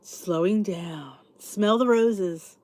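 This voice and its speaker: A woman's voice: mid-range voice, drawn-out words, darkish tone, dry recording. Middle aged lady rambling on her podcast, kinda sleepy, yawny, dry close sound. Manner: chatty, rambling, thinks aloud with restarts. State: sleepy, yawning. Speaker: podcast host. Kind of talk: casual chat reading live comments.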